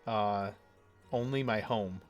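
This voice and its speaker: Guy doing a little gray mouse, wary, short answers, slow, bit of music behind. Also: lowish voice. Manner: hesitant, wary, short replies. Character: tiny timid gray mouse. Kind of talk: tabletop role-play.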